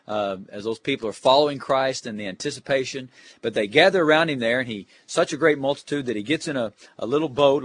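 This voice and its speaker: A man's voice: medium pitch, fairly bright tone, no room sound. A man giving a Bible lesson preview for Sunday school teachers, earnest, reading scripture aloud in old King James English.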